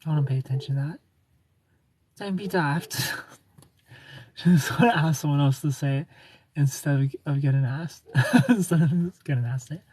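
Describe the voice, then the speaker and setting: A man's voice: a little high, normal speed, mellow, slightly rough. A tired man chatting casually on a live stream, rambling, joking and greeting viewers by name.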